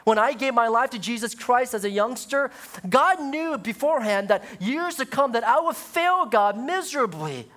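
Dramatic preaching man, swinging loud to hushed. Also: extremely high pitch, big pitch swings, moderate pace. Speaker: pastor. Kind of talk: sermon.

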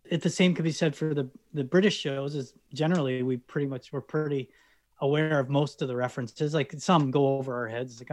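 A Canadian man with a noticeably high voice for a man talks loosely as a guest. He is animated, trips over his own openings and laughs into his points. The tone is casual and unscripted. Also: fast talker. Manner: animated, restarts often, chuckles through points. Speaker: guest, cast member of a sitcom. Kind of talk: casual conversation.

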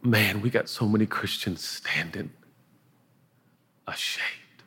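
Pastor guy preaching, low husky voice, long echo off a big auditorium. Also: moderate pace. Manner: earnest, conversational preaching with sudden hushed asides. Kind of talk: sermon. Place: large auditorium.

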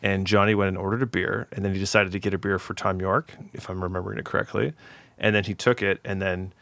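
A man with a low, gravelly voice tells a long story in a relaxed podcast chat. He rambles, trails off and fills gaps with "um" and "like". The sound is dry and close. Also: fast, dry recording. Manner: rambling, filler-heavy storytelling.

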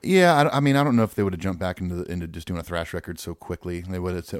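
A man's voice: deep voice, rapid-fire, dry recording, clean studio sound. A man co-hosting a casual podcast, easygoing and agreeable. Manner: easygoing, agreeable, laid-back. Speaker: podcast co-host. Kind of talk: casual chat.

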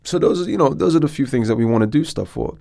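A middle-aged man, an actor, telling a story in a podcast interview with animated restarts. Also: medium pitch, quick pace, vocal fry, no room sound, studio quality. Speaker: actor guest.

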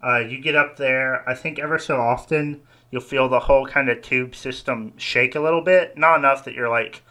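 Game master, male, easygoing rambling narrator with a very bright tone. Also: medium pitch, moderate pace. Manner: relaxed, rambling, hedging.

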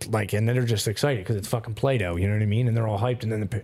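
A man's voice: on the low side, racing, hardly any pauses, darkish tone. A young man from South Philadelphia with a Philly accent, telling rambling, profane stories in a casual chat. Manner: profane, rambling storyteller, says "dude" and "like" constantly.

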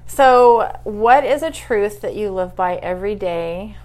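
A woman's voice: medium pitch, lively intonation, unhurried, darkish tone. Friendly middle-aged woman interviewer. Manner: friendly, encouraging, frequent listening murmurs. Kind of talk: casual conversational interview.

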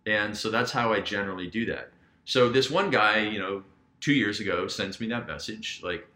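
A man's voice: lowish voice, normal speed, bright, forceful tone. A man, a guest business coach, telling stories in casual podcast talk and acting out quoted dialogue with animation. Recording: roomy echo.

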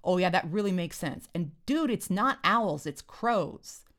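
A woman's voice: lowish voice, animated, measured pace, pitched above the performer's own voice. A woman voicing a bickering young man who lectures like a know-it-all and keeps correcting himself.

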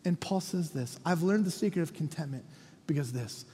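A middle-aged North American man preaching a sermon as a pastor, with animated humor and lines that drop to a soft, quiet close. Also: on the high side, moderate pace. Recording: reverberant church hall.

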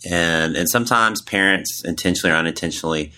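A man's voice: deep voice, fast, pushed and bright. A man hosting an interview and working as a youth minister, asking long, framed questions and affirming his guest.

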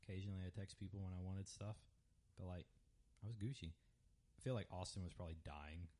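A young man co-hosting a podcast, telling stories in a rambling, animated casual chat full of fillers. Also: low voice, a little fast. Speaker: podcast co-host.

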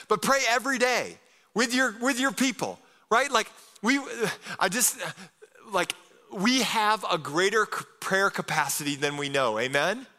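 A man preaching a sermon with an energetic, casual delivery and frequent calls of "amen?" to his listeners. His voice sits a little high for a man and comes across bright and forceful. A long reverb trails after his words, as in an echoey church hall. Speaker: pastor.

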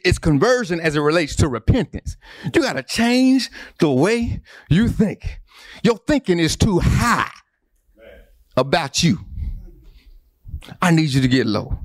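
A man's voice: a little high, very animated, moderate pace, no echo, studio quality. A man preaching a sermon, repeating phrases and building emphasis. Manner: preaching with repetition and rising emphasis. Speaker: pastor.

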